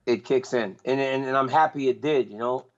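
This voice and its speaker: A man's voice: mid-range voice, brisk, highs cut off. Earnest man in casual chat. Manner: earnest, repeats himself while searching for words. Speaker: guest.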